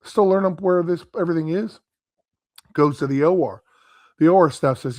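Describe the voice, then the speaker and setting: A man's voice: fairly high pitch, moderate pace, a little mellow, no room sound. A man, a guest expert, telling a long anecdote in a casual conversational way, acting out quoted dialogue and tagging points with "right?". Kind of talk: casual storytelling talk.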